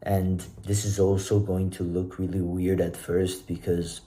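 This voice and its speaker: A young man casually sharing presentation tips to his own camera, relaxed and self-deprecating. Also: deep voice, measured pace. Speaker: presenter giving speaking tips. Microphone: self-recording camera.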